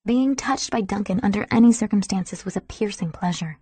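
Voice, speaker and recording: Woman audiobook narrator, soft and intimate with a mellow, breathy tone and a dry sound. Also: medium pitch, brisk, no echo. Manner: soft, intimate, sometimes whispering.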